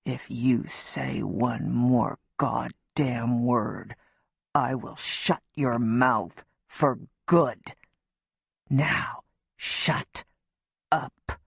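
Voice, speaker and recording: A woman's voice: fairly low pitch, lively intonation, normal speed, slightly rough, no echo, clean studio sound. A woman voicing a desperate, menacing armed man. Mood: menacing murmur. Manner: pleading then bellowing, hissing threats. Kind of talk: audiobook narration.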